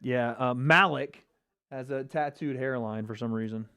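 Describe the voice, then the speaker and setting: A man's voice: medium pitch, measured pace, sharp tone, clean tone, no echo, studio quality. A man hosting a casual livestream watch party, chatting and reacting to viewer comments. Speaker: livestream host.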